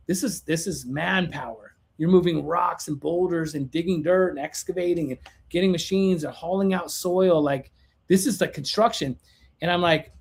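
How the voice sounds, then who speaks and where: Podcast guest, man, husky, higher range, animated storyteller who acts out dialogue. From California. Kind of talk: animated storytelling in casual chat.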